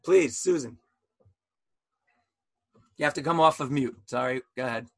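A man's voice: medium pitch, moderate pace, vocal fry, breathy edge, no room sound, rough recording. A man teaching an online class about Hebrew letters in a passionate style, full of rhetorical questions, heard over a video call.

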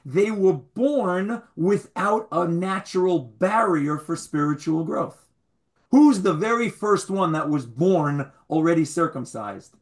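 A man's voice: sits high, lively intonation, takes it slowly. A man teaching a Torah class to a live group, quizzing his listeners, repeating key words and adding wry humorous asides.

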